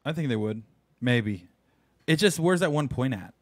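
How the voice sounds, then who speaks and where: A man co-hosting a casual podcast, talking in a quick, chatty way. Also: medium pitch, lively intonation, dry recording, clean studio sound.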